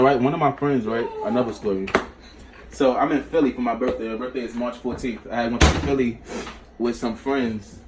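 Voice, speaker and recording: A man's voice: medium pitch, far from the mic. A man hosting a casual cooking vlog in a small home kitchen, chatty and slangy, cutting between the recipe and side stories. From New York. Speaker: cooking show host. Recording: echoey room, away from the mic, faint noise.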